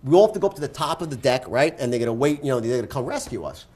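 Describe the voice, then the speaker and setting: A man's voice: medium pitch, lively intonation, a little mellow. A man telling a dramatic personal anecdote on stage, in punchy bursts peppered with "right?" and "so anyway". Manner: fast, punchy storytelling with frequent "right?" and "so anyway". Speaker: speaker and author.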